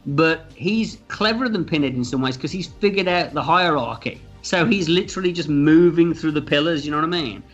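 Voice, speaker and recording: Animated man, dull lo-fi sound. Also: on the high side, brisk, few pauses. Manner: animated, acts out quoted voices. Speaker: film director interviewed as guest. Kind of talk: casual interview storytelling. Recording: dull lo-fi sound with faint music.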